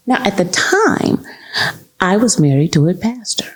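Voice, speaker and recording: A woman's voice: medium pitch, measured pace, slightly rough. A woman telling a story in casual chat, acting out the voices of the people in it. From United States. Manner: animated, acts out the voices in her story. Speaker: guest.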